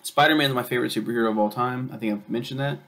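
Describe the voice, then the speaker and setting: A young man talks his way through a video review in a loose, rambling way, full of ums and swearing. His voice is gravelly and sits at a middling pitch. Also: rapid-fire, fairly bright tone. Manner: rambling, profane, with many ums and uhs. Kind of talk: casual chat.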